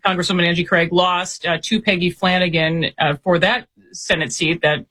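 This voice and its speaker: A man in his forties speaks as a reporter guest on a political interview. His voice sits high and sounds bright and forceful. He talks quickly, stumbling through restarts and fillers. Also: level tone. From Minnesota.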